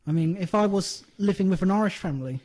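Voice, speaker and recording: High-voiced young English man, laid-back. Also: quick pace, a little mellow. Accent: English, south London. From England. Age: 20s. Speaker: guest. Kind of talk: casual chat.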